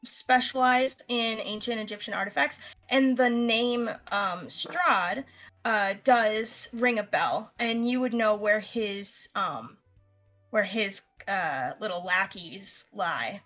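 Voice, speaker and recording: A woman running a tabletop one-shot as game master, narrating in a relaxed way full of fillers. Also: medium pitch, slow pace, soft background music.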